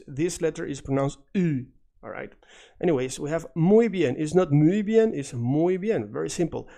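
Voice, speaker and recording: A man teaching a recorded language lesson, patiently repeating words slowly for emphasis. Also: on the high side, darkish tone. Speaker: Spanish teacher.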